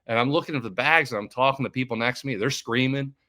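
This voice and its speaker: A man who hosts a finance video channel, telling a story in a casual, animated way and acting out both sides of each conversation. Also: medium pitch, quick pace.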